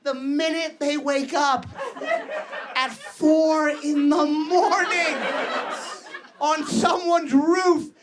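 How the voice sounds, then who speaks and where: A man doing a stand-up comedy set on stage, telling stories with punchy, exaggerated asides, recorded live with loud audience laughter. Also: extremely high pitch, flat delivery, very slow, pauses often, over a noisy crowd, heavy background noise.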